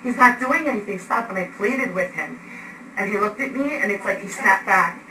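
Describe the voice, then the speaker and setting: A woman's voice: medium pitch, normal speed. A woman giving an agitated eyewitness account indoors at home, acting out events with gestures as she speaks. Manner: animated, acts out events with gestures. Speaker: eyewitness recounting an arrest. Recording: echoey room, distant mic, background noise.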